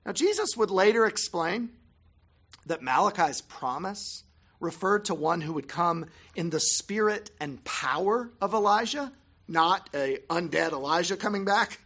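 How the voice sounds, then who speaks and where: A Bible teacher giving scripted narration on a gospel passage, measured with emphatic pauses. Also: mid-range voice, animated, fairly bright tone.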